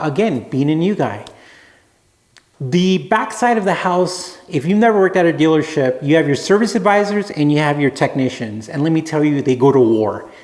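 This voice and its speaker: A man telling a rambling, relaxed anecdote to camera as a vlogger. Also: a little high, echoey room. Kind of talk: casual storytelling to camera.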